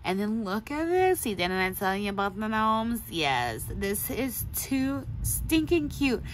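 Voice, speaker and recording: Woman, craft vlogger, chatty, gushing, laughs a lot, mid-pitched. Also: very animated, a little slow, a little hiss or hum. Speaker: craft channel host. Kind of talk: casual show-and-tell chat.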